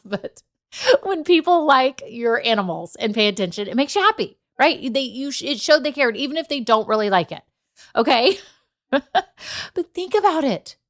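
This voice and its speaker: A woman's voice: on the high side, a bit bright. A woman in her forties hosting a solo business podcast, telling personal stories in a chatty, conversational way and often speaking straight to the listener. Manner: chatty storytelling, laughs often, frequent direct asides. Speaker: podcast host and business coach.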